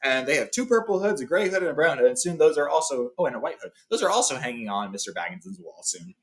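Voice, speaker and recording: Man, casual book read-along, chatty retelling, slightly high voice, lively intonation. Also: quick pace. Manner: chatty, with fillers and self-corrections. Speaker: host reading a book aloud.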